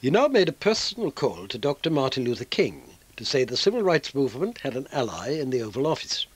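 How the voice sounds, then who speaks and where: A man reading scripted documentary narration in a measured, expressive way. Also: mid-range voice, slight background noise, low-quality recording.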